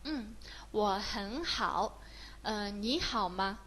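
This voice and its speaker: A woman's voice: mid-range voice, expressive, takes it slowly, fairly bright tone, slight background noise, rough recording. A woman with a Mandarin Chinese accent teaching a beginner lesson, mixing English with Mandarin and praising often. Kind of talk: slow, encouraging beginner lesson.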